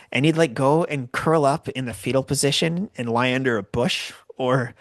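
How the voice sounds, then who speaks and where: A Canadian man in his forties, a podcast host telling a personal story in an animated, rambling way that corrects itself often. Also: mid-range voice, normal speed, no echo, clean studio sound.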